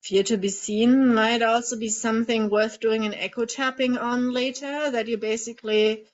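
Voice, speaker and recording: A woman coaching a group through emotional tapping, guiding gently and voicing example feelings aloud. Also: a little high, steady tone. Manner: slow, soothing guidance with emotive example lines. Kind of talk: guided group coaching session. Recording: slightly dull lo-fi call audio.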